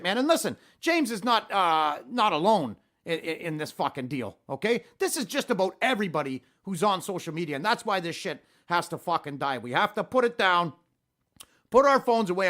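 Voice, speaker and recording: A man's voice: sits high, a bit bright. A man hosting a podcast, ranting in a worked-up monologue with heavy swearing. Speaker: podcast host.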